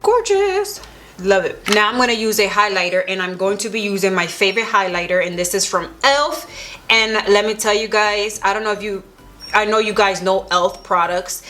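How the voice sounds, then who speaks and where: A woman's voice: mid-range voice, steady tone, fairly quick, sharp tone, faint music behind. A young woman vlogger narrating a makeup tutorial, gushing and enthusiastic as she applies products. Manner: gushing, enthusiastic, talks while applying makeup. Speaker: beauty vlogger.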